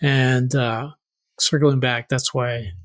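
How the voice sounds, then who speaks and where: A man's voice: medium pitch, flat delivery, slow, fairly bright tone. A middle-aged man in casual chat as podcast co-host, talking earnestly and searching for his words.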